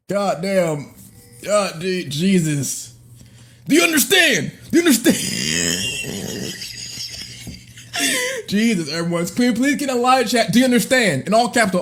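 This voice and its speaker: Man, livestream reaction host, unhurried delivery, lively up-and-down pitch, keeps repeating himself. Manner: laughs helplessly, repeats phrases, exclaims; addresses chat directly. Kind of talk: live stream reaction.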